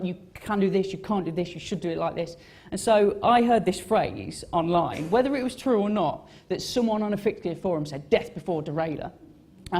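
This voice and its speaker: A young man with a high-pitched, slightly mellow voice talks casually about his design work at a live event on stage. He meanders and mocks himself, full of fillers and restarts.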